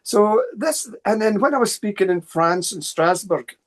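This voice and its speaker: A Scottish man spins rapid, chatty anecdotes as an interview guest. He talks quickly and throws in plenty of asides. His voice sits a little above the usual male pitch. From Scotland. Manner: fast, animated anecdotes with asides. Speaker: guest, paranormal researcher. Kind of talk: casual storytelling interview.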